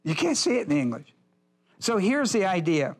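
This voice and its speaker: Male pastor, higher-pitched voice, emphatic Bible-class teacher who repeats his points. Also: big pitch swings, moderate pace.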